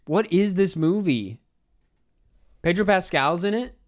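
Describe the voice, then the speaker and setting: A young man talking to himself through a live stream game, his pitch jumping up and down as he grumbles and curses. He answers chat questions in an offhand, casual way. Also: animated, measured pace. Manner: mutters and swears at himself while playing. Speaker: livestreamer.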